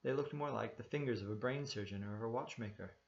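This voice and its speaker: Gravelly male audiobook narrator. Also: mid-range voice, fast. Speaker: audiobook reader. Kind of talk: storybook narration. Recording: dull lo-fi recording.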